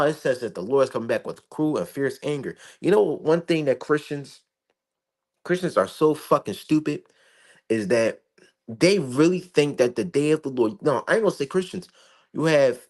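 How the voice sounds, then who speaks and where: A man giving an informal Bible commentary, emphatic and swearing freely, stumbling through repeated restarts. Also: a little high. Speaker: street preacher.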